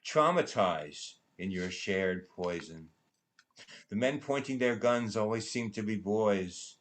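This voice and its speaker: A man reading a prose poem aloud in a slow, dramatic recitation, his voice hushed and trailing into near-whispers at the ends of lines. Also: lowish voice, expressive. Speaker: poetry reader at a benefit concert.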